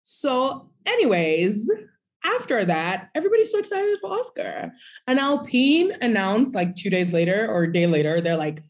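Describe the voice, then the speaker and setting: A woman co-hosting a podcast in casual chat, animated, breaking into sung bits and mock quotes. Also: mid-range voice, moderate pace. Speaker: podcast co-host.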